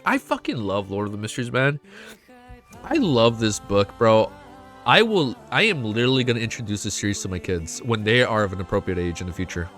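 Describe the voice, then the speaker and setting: A young man chatting casually on a live stream while reacting to a web novel, excitable and swearing often. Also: on the low side, fairly quick, soft background music.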